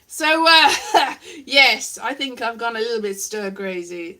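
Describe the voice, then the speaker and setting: A woman's voice: medium pitch, expressive, moderate pace, sharp tone. A young woman vlogging casually to live viewers, rambling and self-mocking, now and then slipping into silly voices.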